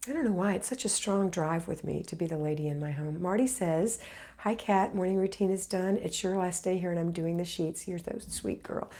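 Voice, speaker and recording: A woman's voice: lowish voice, fairly quick, warm tone. A middle-aged woman hosting a live homemaking Q&A, reading viewer comments aloud and answering them in an encouraging, motherly way, just getting over an illness. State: recovering from illness. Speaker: homemaking livestream host.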